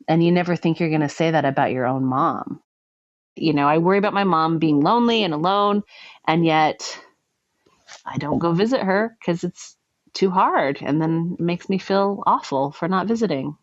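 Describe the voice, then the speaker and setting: A middle-aged woman telling a painful personal story with emotion, pausing and restarting often. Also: medium pitch, expressive, dry recording, lo-fi sound. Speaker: guest sharing her story. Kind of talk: personal testimony.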